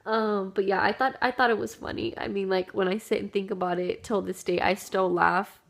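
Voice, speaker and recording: A woman's voice: mid-range voice, steady tone, normal speed, vocal fry. A young woman telling a childhood story to her camera in a casual, chatty way, full of "like" and "dude". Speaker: vlogger.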